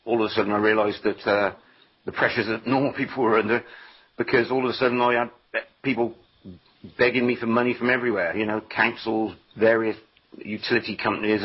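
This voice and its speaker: A man interviewed as a radio guest, talking hesitantly with frequent pauses and ums. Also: fairly low pitch, steady tone, breathy edge, highs cut off. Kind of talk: casual interview talk.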